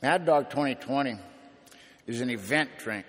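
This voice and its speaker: A man's voice: medium pitch, moderate pace, a bit bright. Plainspoken guy sharing his story at a meeting, confessional, echoey hall. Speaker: speaker at a recovery meeting. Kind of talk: personal testimony to an audience.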